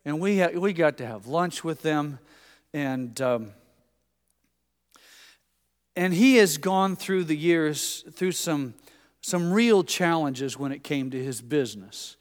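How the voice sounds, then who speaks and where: This pastor speaks slowly and pauses often, his voice on the high side and animated. His sermon is built on folksy anecdotes, and he acts out quoted voices; the sound carries long hall reverb.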